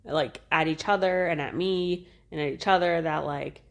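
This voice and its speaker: A woman's voice: low-pitched, moderate pace. A woman in her thirties co-hosting a podcast, telling a personal story casually, swearing freely and laughing as she goes. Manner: animated, swears freely, laughs while recounting. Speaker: podcast co-host.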